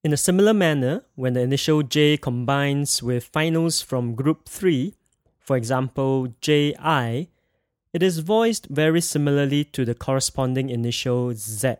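A man's voice: mid-range voice, moderate pace, a little mellow, studio quality. A man teaching a pinyin pronunciation lesson, speaking carefully and repeating sounds for students to echo. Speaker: language teacher.

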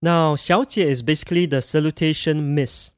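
A man teaching a pronunciation lesson, spelling sounds out and having the listener repeat each word after him with slow, careful enunciation. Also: fairly high pitch, dry recording, clean studio sound. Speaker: language teacher.

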